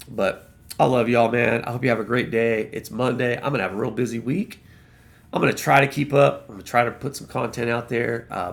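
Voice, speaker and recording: A man's voice: medium pitch, vocal fry, fairly bright tone. A man ranting to his viewers in a casual, angry, profane and folksy way. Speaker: political vlogger. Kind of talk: casual rant to camera.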